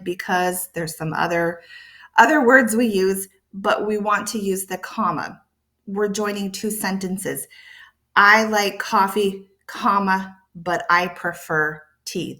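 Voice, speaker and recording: This English teacher speaks to camera in a mid-range, fairly bright voice. Patient with her learners, she repeats important points and uses playful emphasis along with sound words.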